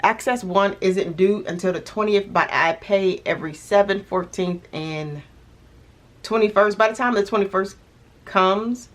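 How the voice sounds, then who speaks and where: A medium-pitched, slightly slow voice comes through with a bit of background noise. She's a budgeting vlogger doing casual vlog talk to camera about paying off debt, thinking aloud, starting over, laughing lightly, and hiccuping now and then.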